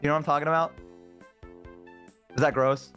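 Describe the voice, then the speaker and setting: A young man chatting casually, rambling and swearing a lot, jumping into lively impressions as he tells stories. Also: on the high side, brisk, faint music behind. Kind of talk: casual chat.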